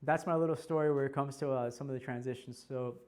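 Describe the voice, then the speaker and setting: A man in his forties teaching a class by telling his own story, animated and laughing often. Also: medium pitch, fast talker. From United States. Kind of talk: personal storytelling talk.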